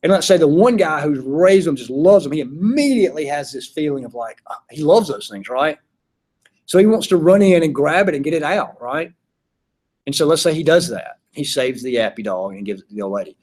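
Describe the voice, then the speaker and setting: A man's voice: a little high, expressive, a little fast, darkish tone. Chatty male philosophy teacher. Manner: chatty, acts out examples in voices. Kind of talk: casual classroom lecture. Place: classroom.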